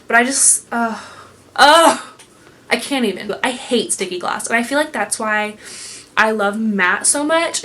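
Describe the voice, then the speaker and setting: A woman's voice: on the high side, a bit bright. A young woman chatting casually at home as a beauty vlogger, gushing and rambling with lots of fillers. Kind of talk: casual chatty product review. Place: home room.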